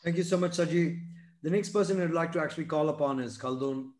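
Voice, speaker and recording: A man hosting, softly introducing the next speaker. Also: a little high, fast, roomy sound, background noise. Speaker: host coach.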